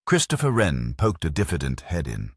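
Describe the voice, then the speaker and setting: A man narrating a mystery audiobook in a measured, dramatic way. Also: extremely low pitch, wildly swooping pitch, husky, no echo, clean studio sound.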